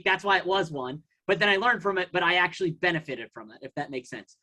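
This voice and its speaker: Speaking quickly in a high, bright, forceful voice, a male investor appears as an interview guest and tells his story in a relaxed way. He wanders off track, begins sentences over, and performs his past thoughts aloud.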